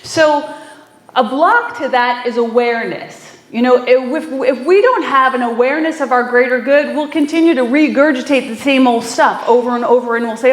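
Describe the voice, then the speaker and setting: A woman's voice: high-pitched, expressive, normal speed. A woman minister giving a conversational sermon, telling stories with frequent fillers and easy laughter. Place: small church hall. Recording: echoey room.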